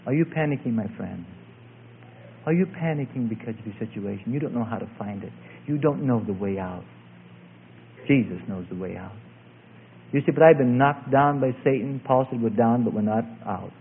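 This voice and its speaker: Husky male preacher on tinny recording. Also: on the low side, moderate pace, long pauses. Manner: emphatic preaching, swinging from loud to hushed. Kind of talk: sermon.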